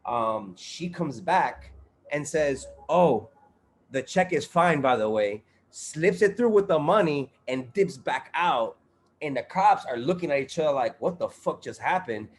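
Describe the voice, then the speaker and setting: A man's voice: fairly high pitch, expressive, unhurried, a little hiss or hum. A man guest on a podcast, telling a story in casual chat, full of profanity, street slang and fillers.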